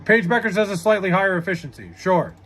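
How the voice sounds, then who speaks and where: A man's voice: high voice, fast, a bit bright. A young man streaming live, arguing heatedly with his chat and swearing often. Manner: heated, argumentative, swears a lot.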